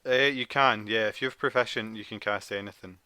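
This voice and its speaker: Joking Scottish player at the table. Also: male voice, fairly low pitch, fairly even intonation, brisk, sharp tone, dry recording. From Scotland. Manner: joking, laughs often. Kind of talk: casual tabletop game chat.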